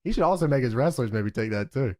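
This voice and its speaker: A man's voice: mid-range voice, animated, fast talker, a little mellow, no room sound, clean studio sound. A man co-hosting a casual recap chat, retelling events with chuckling narration. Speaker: podcast co-host.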